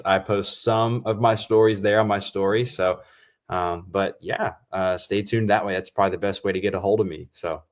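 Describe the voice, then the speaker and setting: Very deep-voiced laid-back man. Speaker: guest sports writer. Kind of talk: casual sports talk.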